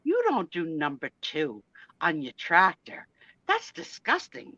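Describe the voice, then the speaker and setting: Bright, animated woman hosting a live chat. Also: deep voice, unhurried, dry recording, highs cut off. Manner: animated, laughing, dramatic outbursts. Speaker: host.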